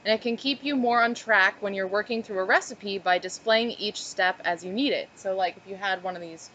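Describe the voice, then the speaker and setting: A woman with a mid-pitched voice co-hosts a casual podcast. She reads an article aloud, dropping in offhand asides as she goes. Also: a little fast, bright, forceful tone, highs cut off, slight background noise. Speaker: podcast co-host.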